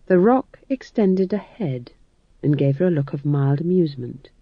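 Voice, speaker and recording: A woman narrating a story as an audiobook reader, in a measured storytelling manner. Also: low voice, animated, no echo. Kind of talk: scripted narration. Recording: dull dry studio read.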